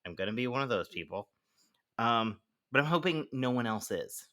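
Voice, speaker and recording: A man's voice: medium pitch, moderate pace. A man co-hosting a podcast, chatting casually about TV and games and often laughing. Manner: animated, laughs often, quotes himself in funny voices. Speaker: podcast co-host. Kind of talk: casual chat.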